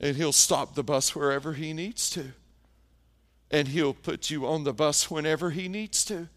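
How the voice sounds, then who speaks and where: A man preaching a sermon, telling stories and often dropping to a hushed tone for emphasis. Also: a little high, steady tone. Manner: storytelling preacher, dramatic pauses, drops to hushed tones. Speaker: pastor.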